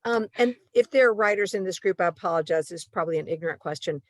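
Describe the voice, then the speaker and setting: A woman co-hosting a library author talk over a video call, talking in a quick, apologetic way when she asks a question. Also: lowish voice, dry recording. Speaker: library event host. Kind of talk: casual interview chat.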